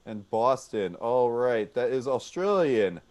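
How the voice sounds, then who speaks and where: A man's voice: medium pitch, sing-song, takes it slowly, a little mellow. A man hosting an online improv comedy game, upbeat, repeating the audience suggestions back and calling out the rules over a video call. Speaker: referee and host of an improv show.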